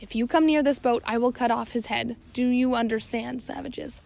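A woman putting on a menacing male pirate captain who bellows his threats. The voice sits a little high and carries a gravelly edge as he barks orders and snarls at a boy. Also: steady tone, normal speed, a little mellow.

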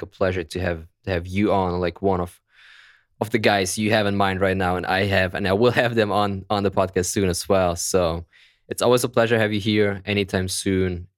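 A man with a German accent hosting a casual podcast, upbeat and halting, often repeating words as he talks. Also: low-pitched, fairly even intonation, no room sound, studio quality. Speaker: podcast host.

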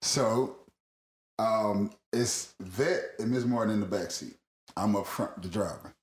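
Fairly low-pitched and unhurried, this man's voice carries a roomy sound. He spins a long, rambling podcast story with lots of laughter, free profanity, and animated energy.

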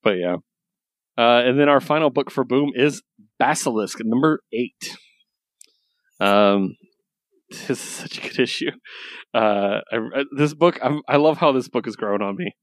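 A man's voice: medium pitch, a little slow, pauses often, no room sound. A man co-hosting a comics podcast in casual chat, loose and rambling, enthusiastic and swearing casually. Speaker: podcast co-host reviewing comics.

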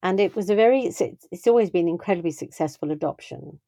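A woman's voice: fairly low pitch, quick pace, mellow, no echo, clean studio sound. An older woman talking through parenting, telling a family story in a thoughtful, conversational way with frequent restarts. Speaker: guest speaking on parenting.

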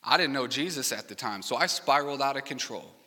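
Young man, pastor, bright clear tone, conversational sermon, reverberant church hall. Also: mid-range voice, lively intonation, quick pace. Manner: personal, conversational preaching with emotional asides. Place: church auditorium stage.

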